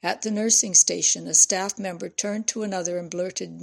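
A woman narrating an audiobook in a steady, measured way. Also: fairly low pitch, creaky.

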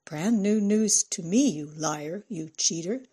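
A theatrical, indignant woman hurls biting accusations, as a woman narrator plays her. The voice is low and husky with a dark edge. It is an audiobook reading. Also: takes it slowly.

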